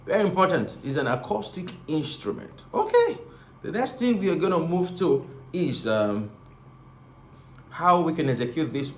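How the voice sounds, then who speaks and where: Speaking at a moderate pace, a man with a high-leaning voice and big pitch swings gives a casual saxophone lesson. He rambles, repeats himself, and keeps checking in with "right?" and "okay?", and the echoey room carries faint ambient noise.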